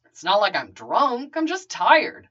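A woman's voice: mid-range voice, big pitch swings, unhurried, fairly bright tone, slightly rough, lo-fi sound, full character voice. A woman voicing a tired, sardonic wealthy man with a whiny, wisecracking manner.

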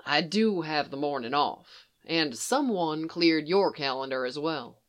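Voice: mid-range voice, animated, measured pace, fairly bright tone. A reader voicing a young adult male human officer who talks in a casual, easygoing way. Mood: relaxed.

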